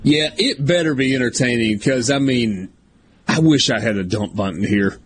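A man's voice: mid-range voice, moderate pace, a little hiss or hum. A man hosting a sports radio show, teasing and playfully interrupting his co-hosts in casual banter.

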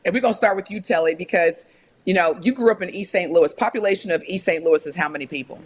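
A woman's voice: lowish voice, fast. A woman from Indiana co-hosting a radio talk show, chatting casually and reading a list aloud with lots of laughter. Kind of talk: casual chat.

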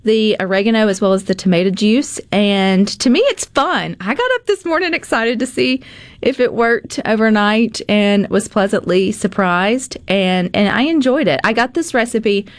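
A woman's voice: medium pitch, moderate pace, dry recording. Chatty woman hosting a cooking segment. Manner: chatty, animated, with filler words. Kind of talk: casual cooking demo chat.

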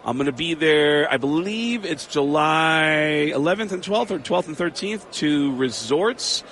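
A man, a comedian and voice actor, telling stories in an animated way as a guest in a casual interview. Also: a little high, measured pace, a little hiss or hum. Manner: animated, laughing storyteller. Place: outdoor radio row at a big game.

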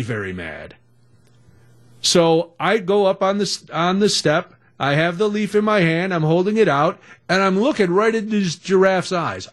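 A middle-aged man hosting a radio talk show, telling a story in a chatty, animated way. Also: high voice. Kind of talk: casual storytelling.

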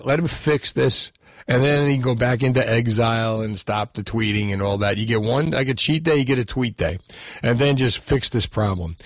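A man's voice: mid-range voice, no echo, clean studio sound. A man hosting a call-in radio talk show, sarcastic and mocking. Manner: sarcastic, mocking, puts on voices for politicians.

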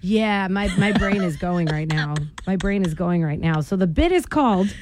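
A woman's voice: fairly low pitch, animated, normal speed, darkish tone, slight background noise. A young woman hosting morning radio chat in a studio, bubbly and teasing, laughing often. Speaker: radio show host.

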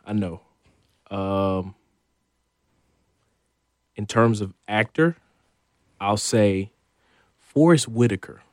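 A man who works as a sports reporter, guesting on a radio show and chatting in a relaxed way, thinking out loud. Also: on the low side, drawn-out words, pauses often, no echo, clean studio sound. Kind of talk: casual chat.

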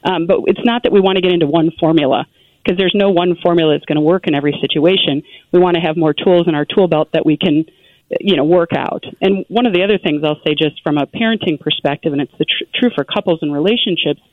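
A woman guest giving parenting advice in an earnest, animated conversational way, full of "you know" asides. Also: on the low side, fast, no room sound. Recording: tinny phone-like line.

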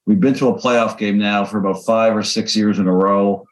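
A man's voice: lowish voice, steady tone, normal speed, poor audio. A man co-hosting a radio podcast, chatting casually in a loose, rambling way with many fillers. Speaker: podcast co-host. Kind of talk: casual chat.

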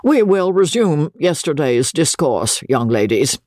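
A man voicing a prim, priggish young gentleman who stumbles over names while lecturing. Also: on the high side, sing-song, measured pace, no room sound, studio quality, voice pushed up.

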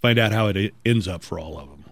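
A man's voice: on the low side, vocal fry, dry recording. A middle-aged man hosting a morning radio show, trading casual jokes and reading news and listings. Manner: wisecracking, conversational, reads listings briskly.

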